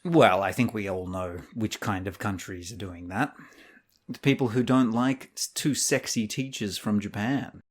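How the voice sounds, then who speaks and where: Playful man co-hosting a podcast. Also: lowish voice. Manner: playful, jokey, quick to laugh. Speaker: podcast co-host, English teacher. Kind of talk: casual podcast banter.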